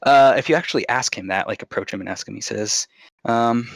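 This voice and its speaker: A man's voice: mid-range voice, fairly quick, gravelly, dry recording, low-quality recording. A man narrating as game master in a casual way, with many fillers and restarts.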